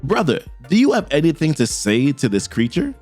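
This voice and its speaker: A man's voice: fairly high pitch, wildly swooping pitch, normal speed, darkish tone, soft background music. Haughty young sorceress, taunting and scornful, as a man reads her lines. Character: cruel young woman sorceress, scornful sister.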